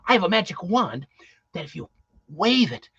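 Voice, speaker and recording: Man doing a giddy teasing elf helper, slightly high voice, dull dry recording, storytelling aside. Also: sing-song, moderate pace, fairly bright tone, breathy edge, dry recording, heavily acted. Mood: eager. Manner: eager, repetitive urging. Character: excited male elf helper, giggly and teasing.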